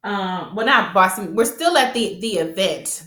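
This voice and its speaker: A woman casually recapping a TV episode, chatty and rambling, with frequent laughs and animated retelling. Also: medium pitch, a little slow, roomy sound.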